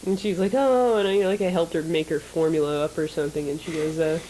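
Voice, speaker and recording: A woman co-hosting a casual chat show, telling an animated story, laughing often and acting out the people in it. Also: low voice, rapid-fire, a little hiss or hum, low-quality recording. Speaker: show co-host.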